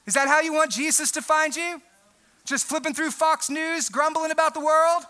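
A young adult man, a pastor, preaching a sermon in a loud, emphatic voice that breaks into shouting. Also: very high-pitched, steady tone, normal speed.

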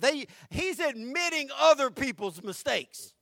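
A male pastor preaching a sermon with fervor, going from hushed tones to shouting and repeating his points. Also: very high voice, animated, normal speed, no echo, studio quality. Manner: fervent preaching, swinging from hushed to shouting, with repetition.

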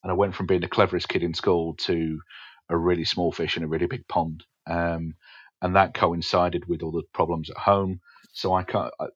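An English man, a stand-up comedian, frankly recounting his teenage years in a podcast interview, swearing casually and pausing with fillers. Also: low-pitched, little pitch movement, no echo. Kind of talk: candid interview storytelling. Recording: dull, dry podcast audio.

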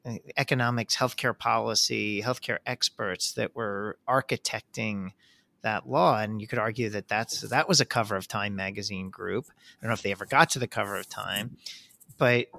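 Male podcast co-host, gravelly and bright-toned, animated delivery with restarts. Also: fairly low pitch, moderate pace. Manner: animated, many restarts, lively emphasis. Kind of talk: casual conversational podcast.

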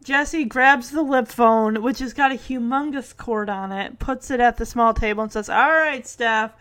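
A woman with a high, light voice recaps a sitcom episode in a casual chat. She talks loosely, laughs easily and slips into little bits of acting as she retells the scenes. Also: moderate pace, a bit bright. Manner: chatty, laughs often, acts out lines from the scenes.

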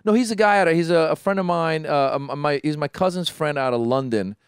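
A man tells a story to his friends in a smooth, slightly high voice, close and dry on the mic. He talks in an animated way, restarts his sentences often and acts out the voices of the people in the story. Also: fairly quick, no echo. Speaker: podcast co-host telling a story. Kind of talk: casual chat.

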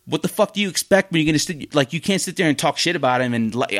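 A man's voice: mid-range voice, fast talker. A man hosting a podcast, delivering a blunt, heated, profane rant in casual commentary with many fillers and restarts. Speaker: podcast host.

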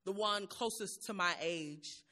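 A woman's voice: medium pitch, unhurried, bright, forceful tone. A woman poet performing spoken word, rhythmic and bold, with repeated refrains and a raw, humorous edge.

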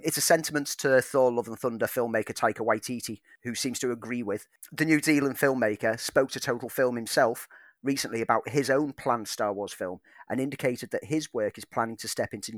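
A man's voice: medium pitch, a bit bright, no room sound, studio quality. A man co-hosting a casual film podcast, reading out news items and talking about them eagerly. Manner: eager, enthusiastic. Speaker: podcast co-host.

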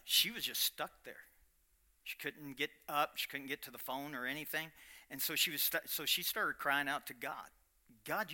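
A middle-aged man with a mid-range voice preaches a personal testimony in a storytelling sermon style. He swings between loud, animated stretches and hushed, quiet ones.

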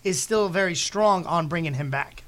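A man's voice: on the high side, moderate pace, fairly bright tone. A man hosting a casual podcast chat, laughing often and teasing his co-host.

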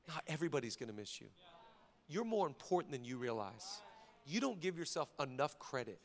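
A man preaching a sermon as pastor, moving from hushed, intimate stretches to loud emphatic lines and acting out quoted dialogue. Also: on the high side, big pitch swings, a little fast. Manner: acts out dialogue in quoted voices.

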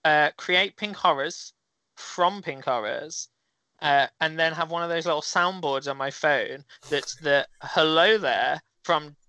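Bright-voiced, eager man co-host. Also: a little high, clear, resonant tone, dry recording. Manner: enthusiastic, halting with fillers. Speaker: podcast co-host. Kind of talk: casual chat.

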